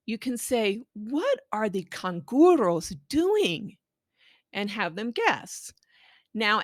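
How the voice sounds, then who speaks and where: A woman's voice: mid-range voice, pushed and bright, no echo, studio quality. A woman giving patient, explanatory tips to parents on reading a bilingual picture book aloud to their children. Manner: patient, explaining, models read-aloud phrases. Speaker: children's language book presenter.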